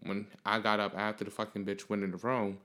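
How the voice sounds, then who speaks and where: A man's voice: lowish voice, fairly quick. Profane young man telling a story. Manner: profane, animated, rambling. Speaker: podcast host. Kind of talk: casual storytelling.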